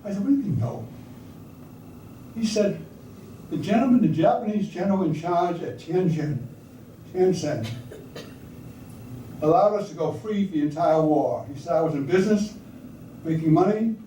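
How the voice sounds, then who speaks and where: A man's voice: a little high, animated, moderate pace, pauses often, mellow, a little hiss or hum. An older man telling anecdotes to an audience in a conversational way, sometimes asking the listeners questions. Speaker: speaker recounting wartime service. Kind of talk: storytelling talk to an audience. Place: hall or meeting room with audience. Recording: echoey room, speaker far from mic.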